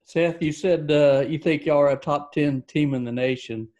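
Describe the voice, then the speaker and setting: A man's voice: a little high, normal speed, a little mellow. A man, a sports reporter, asking direct questions. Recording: dull remote audio.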